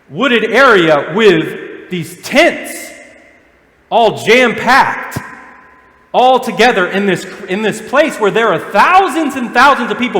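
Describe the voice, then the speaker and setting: A man's voice: high-pitched, pushed and bright. A young male pastor from Alabama with a Southern American accent, preaching a sermon in a conversational style full of rhetorical questions. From Alabama, USA. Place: church sanctuary. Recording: echoey church hall.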